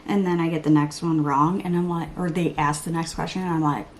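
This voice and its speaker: A beauty vlogger in her thirties chats while doing her makeup at home for a get-ready-with-me vlog, rambling, poking fun at herself, and sometimes muttering or whispering asides. Her voice is low-pitched with fairly even intonation and a slightly fast pace.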